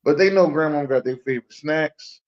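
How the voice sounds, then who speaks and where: A man's voice: fairly high pitch, brisk. A man hosting a podcast in casual, chatty talk. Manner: laid-back, chatty, with fillers. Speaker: podcast host. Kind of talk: casual chat. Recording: dull lo-fi stream audio.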